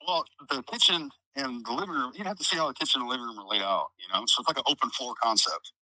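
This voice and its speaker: A man with a Midwestern American accent, interviewed as a trial witness, tells a rambling story packed with fillers, swearing freely and acting out what people said. His medium-pitched voice is lively, fast and sharp. The recording is dry with no echo but low in quality.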